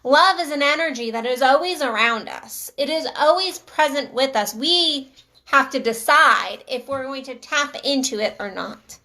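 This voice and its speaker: Her voice is high, pushed and bright, at a normal speed. This middle-aged relationship coach addresses her channel casually and with earnest emphasis, restating things for stress.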